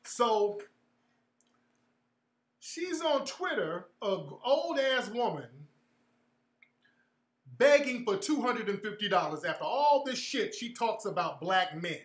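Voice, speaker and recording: A man's voice: sits high, very animated, slow pace, pauses often, fairly bright tone, reverberant. A man hosting his own show, telling a story in a casual, profane, mocking way and often laughing at it. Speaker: podcast host.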